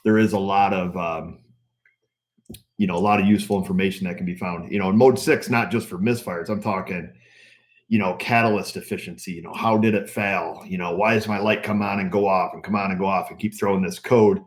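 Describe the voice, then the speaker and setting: Deep-voiced middle-aged man rambling casually. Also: fairly quick. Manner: rambling, relaxed, frequent fillers. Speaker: auto repair channel host. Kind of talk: casual live stream chat.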